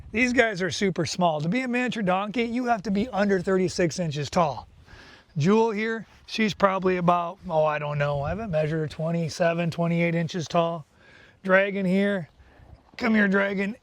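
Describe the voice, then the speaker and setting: A man hosting a casual farm vlog, talking easily about his animals and calling to his dogs outdoors. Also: high-pitched. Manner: chatty, coaxing the dogs with repeated calls; relaxed explanation while reading from a website. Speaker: farm owner and channel host. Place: outdoors on a farm, then inside his house.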